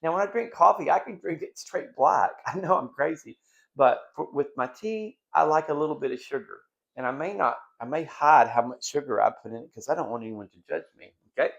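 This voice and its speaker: Middle-aged male vlog host, gravelly voice, rambling and giggly, dull lo-fi home recording. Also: a little high, expressive, brisk. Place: dining room at home.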